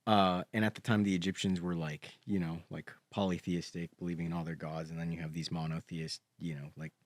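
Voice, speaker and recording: A man's voice: sits low, flat delivery, a little fast, no room sound. A man chatting casually on a podcast, telling long stories in a rambling, hesitant way. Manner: rambling, hesitant storyteller full of fillers. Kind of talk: casual chat.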